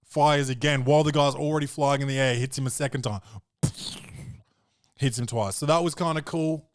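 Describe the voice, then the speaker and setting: A man hosting a podcast, talking in a rambling, profane, animated way. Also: mid-range voice, normal speed, no echo, clean studio sound. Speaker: podcast host. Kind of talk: casual chat.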